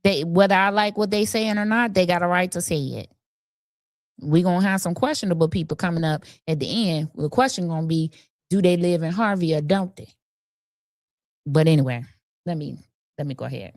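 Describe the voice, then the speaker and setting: A woman's voice: on the low side, brisk, darkish tone, no echo, studio quality. A woman hosting a livestream, commenting bluntly and casually on a city council meeting. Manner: blunt, conversational, opinionated. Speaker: livestream host.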